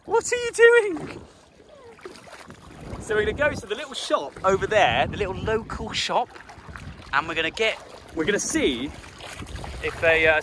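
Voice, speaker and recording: A man talking to the camera on a travel vlog, playful and joking. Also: sits high. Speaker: travel vlogger. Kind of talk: casual vlog narration. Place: outdoors on a beach and street. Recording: outdoor noise around the camera mic.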